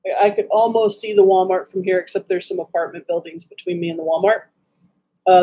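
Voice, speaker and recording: A woman's voice: mid-range voice, warm tone, husky. A woman from Wisconsin chatting casually on a livestream, greeting viewers by name and making snarky asides.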